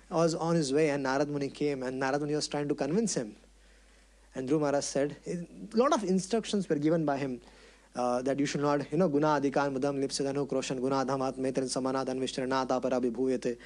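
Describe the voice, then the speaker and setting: A man preaching through a scripture story, high in pitch and animated. He keeps turning to the audience with rhetorical questions. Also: fast.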